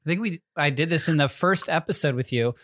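A man's voice: a little high, brisk, a bit bright, no room sound, studio quality. A man hosting a podcast, playfully teasing his co-host while running a movie quote game. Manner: playful, teasing, rambling with fillers. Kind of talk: casual chat, running a quiz game.

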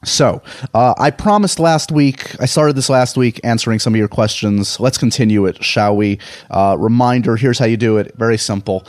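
A man's voice: mid-range voice, normal speed, a little mellow, no echo, studio quality. A man with a New York accent hosting a podcast, talking in a rambling, self-deprecating, chatty way. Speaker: podcast host. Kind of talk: casual podcast monologue.

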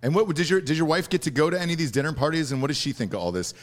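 A man's voice: fairly high pitch, big pitch swings, rapid-fire. A man hosting a casual interview podcast, joking around and swearing freely. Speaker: podcast host.

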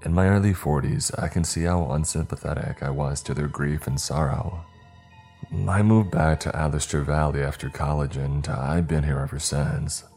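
A man narrating a scary story in a calm, measured storytelling manner. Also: rumbling low. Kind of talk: scripted horror story narration. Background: faint music.

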